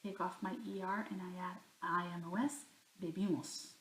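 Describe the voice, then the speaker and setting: A woman's voice: fairly low pitch, level tone, normal speed, a bit bright. A woman teaching a Spanish grammar lesson, talking herself through each example and answering her own questions. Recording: echoey room.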